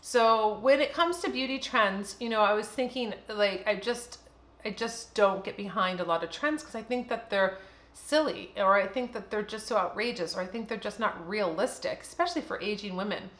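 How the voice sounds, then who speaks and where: A woman's voice: mid-range voice, normal speed, a bit bright, reverberant. A woman in her fifties talking candidly and casually to camera as a beauty vlogger, chatty and full of fillers.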